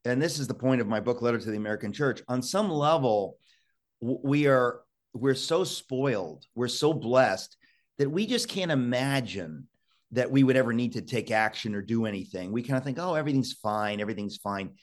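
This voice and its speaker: A man's voice: mid-range voice, expressive, normal speed. A male talk show host urgently exhorting his listeners, often restarting words in a rush.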